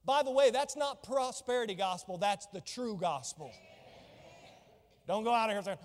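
A man's voice: high-pitched, moderate pace, in a large hall. A man preaching a sermon as pastor, fervent and exclamatory, reading and explaining scripture.

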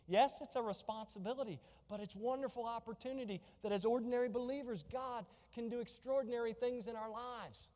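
A woman's voice: on the high side, a little fast, few pauses, warm tone, long reverb tail. A woman preaching a sermon with fervor, piling up rhetorical questions. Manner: fervent, stacked rhetorical questions.

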